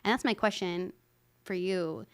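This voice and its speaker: A woman on a podcast as a guest, talking openly and with emphasis, dropping swear words freely. Her voice sits a little lower than most women's. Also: measured pace, clean tone. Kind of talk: casual conversational interview.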